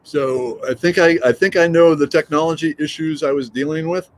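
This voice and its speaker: A man's voice: a little high, steady tone, normal speed. A middle-aged man chatting casually on a morning livestream, reading out comments and joking. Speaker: livestream host.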